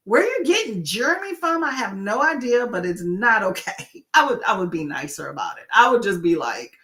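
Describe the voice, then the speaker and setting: A woman chats to her viewers in a bright, clear voice. Her pitch swings up and down as she tells stories with lively energy. She sounds casual and talkative. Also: brisk, few pauses. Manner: animated, chatty storytelling. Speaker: livestream host; nurse.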